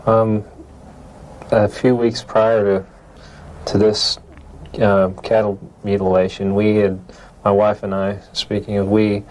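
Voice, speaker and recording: A man's voice: on the low side, flat delivery, takes it slowly, long pauses, darkish tone, poor audio. A man giving an eyewitness account in an interview, hesitant and full of fillers. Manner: hesitant, many fillers and restarts.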